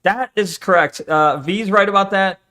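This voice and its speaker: A man's voice: sits high, moderate pace, sharp tone. A man streaming, reacting to a video with profane, mocking rants. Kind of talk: casual reaction commentary.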